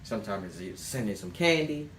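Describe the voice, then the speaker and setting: A sales trainer with a lowish, slightly bright voice coaches a sales class at a moderate pace, his intonation lively as he issues direct instructions and tells people to jot things down. Slight background noise, room echo, and a distant mic mark the recording.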